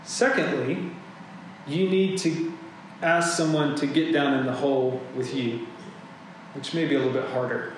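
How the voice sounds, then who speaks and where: Casual preacher in a very echoey room. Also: male voice, medium pitch, fairly even intonation, normal speed, long pauses. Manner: casual, conversational preaching with asides. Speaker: pastor. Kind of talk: sermon. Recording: very echoey room, faint hum.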